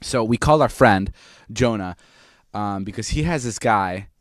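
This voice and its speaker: A man's voice: on the low side, lively intonation, normal speed, no room sound, clean studio sound. A young man co-hosting a podcast, telling a rambling story in casual chat, repeating words and swearing freely. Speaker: podcast co-host.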